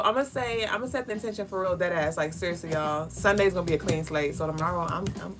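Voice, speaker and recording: A woman's voice: on the low side, quick pace, hardly any pauses. Slangy young woman chatting on a livestream. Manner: slangy, candid, laughs often, swears casually. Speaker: livestream co-host. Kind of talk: casual live-stream chat reading comments. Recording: music playing clearly behind.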